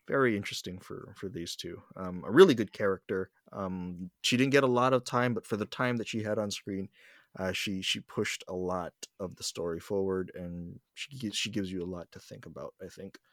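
A man co-hosting a casual podcast chat, animated, often acting out quoted lines. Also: low-pitched, moderate pace, dry recording, clean studio sound. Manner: animated, acts out quotes in voices. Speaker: podcast co-host.

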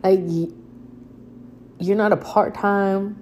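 A young woman telling a story to her viewers in a casual, chatty way, cursing freely and acting out what she said back then with big jumps in pitch. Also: fairly even intonation, slow pace, a little mellow, slight background noise.

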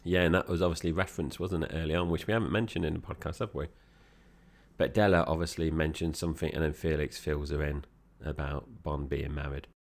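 A man's voice: extremely low pitch, fairly even intonation, brisk. A man co-hosting a podcast, chatting easily about a film and tossing questions to his co-host. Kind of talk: casual film chat.

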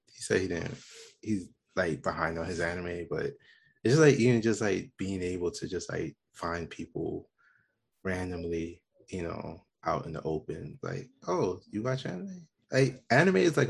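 A man's voice: low voice, vocal fry, breathy edge. A young man co-hosting a podcast, chatting in a laid-back, rambling way. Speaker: podcast co-host. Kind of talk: casual chat.

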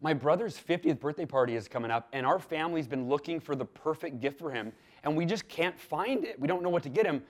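A man quoting a friendly woman on vacation from Europe, in a soft, chatty way and close to his own voice. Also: a little high, animated, fast talker, few pauses.

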